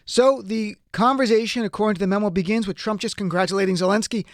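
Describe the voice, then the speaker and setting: A man's voice: high voice, steady tone, fast, no echo, studio quality. A man hosting a political talk show, delivering a wry, incredulous commentary monologue straight to his listeners.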